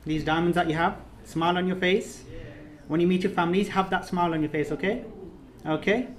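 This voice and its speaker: A man's voice: high-pitched, steady tone, fairly quick, reverberant. A man leading a course, giving an emotional thank-you speech, earnest and repetitive, his phrases rising to emphatic peaks. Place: reception room of an official residence.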